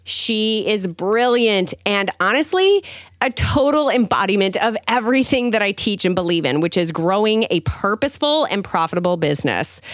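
Woman, podcast host, enthusiastic, mid-pitched, dry close sound. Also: no echo. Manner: upbeat, enthusiastic. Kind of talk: casual interview hosting. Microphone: video call.

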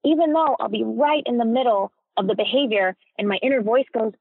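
Husky woman on a tinny line. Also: on the high side, brisk, dry recording. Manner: reflective, searching for words. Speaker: podcast guest. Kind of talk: personal conversation. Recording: tinny phone-like remote line.

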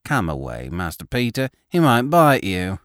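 Man doing a fussy nanny voice, bossy and slow, swoops up and down. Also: low voice, huge pitch swings, no room sound, studio quality. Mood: scolding. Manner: prim, scolding, drawn-out words. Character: fussy disapproving woman nurse.

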